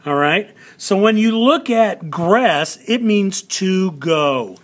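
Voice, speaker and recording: Slow, patient male teacher. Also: sits high, animated. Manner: slow, patient, repeats words for emphasis. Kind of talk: classroom lesson video.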